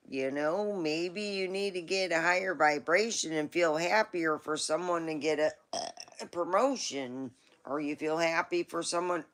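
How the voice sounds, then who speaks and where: A woman's voice: sits low, fairly bright tone. A woman hosting a live stream, chatting casually in a rambling, folksy storytelling way.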